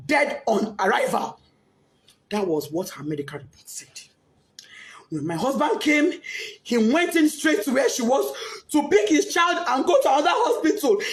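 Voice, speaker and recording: A grieving Nigerian mother giving a tearful, impassioned testimony, often breaking into shouts and sobs. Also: medium pitch. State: crying, distraught. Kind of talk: emotional testimony.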